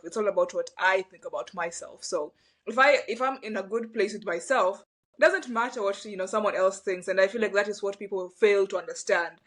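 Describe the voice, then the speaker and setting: Reflective woman host asking questions. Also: medium pitch. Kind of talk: casual conversation.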